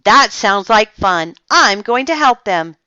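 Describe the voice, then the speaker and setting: A woman's voice: mid-range voice, expressive, slow, pushed and bright, clear, resonant tone, dry recording, highs cut off, voice pushed up. A woman reading aloud as a puzzled middle-aged man of the house in a storybook, exclaiming and questioning.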